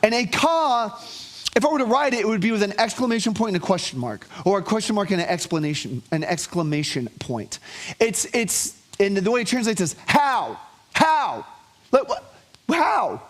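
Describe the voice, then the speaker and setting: High-voiced man preaching a lively sermon. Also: fairly quick. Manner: animated storytelling with call-and-response. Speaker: pastor.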